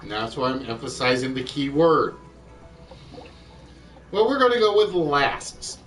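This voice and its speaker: A man hosting an online quiz show, chatting and thinking aloud, reading clues out slowly. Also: medium pitch, big pitch swings, a bit bright, recorded from a distance, low-quality recording. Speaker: game show host. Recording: voice a bit off-mic with music behind.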